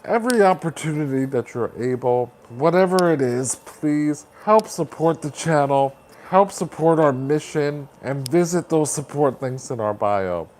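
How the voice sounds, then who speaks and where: A man's voice: on the high side, lively intonation, unhurried, darkish tone, slight background noise. A man hosting a livestream, chatting casually and upbeat as he reads out viewer comments and rallies support. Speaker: livestream host.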